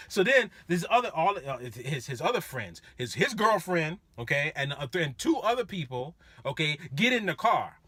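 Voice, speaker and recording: Male rideshare driver, lively storyteller, high bright voice, dry sound. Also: normal speed, hardly any pauses, husky, no room sound. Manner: animated, laughing, acts out voices. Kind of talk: casual storytelling.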